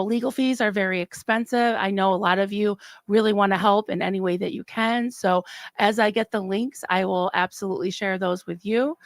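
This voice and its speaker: A middle-aged woman hosting a casual livestream, chatting warmly and getting emotional, recorded close and dry. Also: mid-range voice, no room sound. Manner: warm, emotional, chatty with laughs. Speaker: livestream host.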